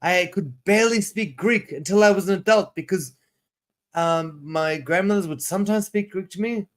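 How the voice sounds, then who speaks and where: Rambling man, higher voice. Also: normal speed. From South Africa. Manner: rambling, restarts sentences, reads prompts aloud. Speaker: ESL teacher and streamer. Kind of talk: casual livestream chat.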